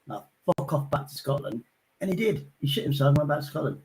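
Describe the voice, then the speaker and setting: A man's voice: a little high, animated, fast, slight background noise, low-quality recording. A man from Derby, cracking profane, boastful jokes in casual banter. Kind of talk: casual chat.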